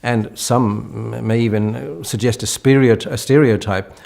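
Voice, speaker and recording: A man giving a measured academic talk as a professor, with occasional restarts. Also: mid-range voice, fairly even intonation, creaky, darkish tone. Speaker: professor of applied linguistics. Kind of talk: lecture talk.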